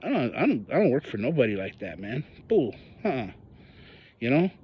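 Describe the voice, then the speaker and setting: A man's voice: mid-range voice, sing-song, normal speed, husky, muffled recording. A man from northern New Mexico giving an angry personal monologue about local politics, ranting and mocking the people he talks about. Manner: heated, ranting, mocking voices of others.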